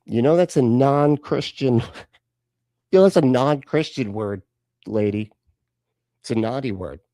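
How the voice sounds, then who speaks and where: A man's voice: mid-range voice, a little slow, mellow, no room sound. A man hosting a live reaction stream, talking back at video clips with sarcastic, profane asides. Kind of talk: casual live-stream commentary.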